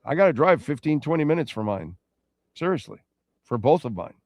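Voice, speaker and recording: A man's voice: on the high side, big pitch swings, fairly quick, no room sound. Middle-aged male sports radio host, casual rambling delivery, dry close-miked sound. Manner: rambling, conversational, reacting to chat.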